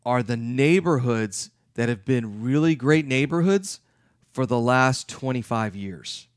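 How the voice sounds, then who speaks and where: A middle-aged man giving an emphatic, lively talk as a real estate investment educator. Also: mid-range voice, moderate pace, no room sound, studio quality. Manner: emphatic, acts out his clients' questions.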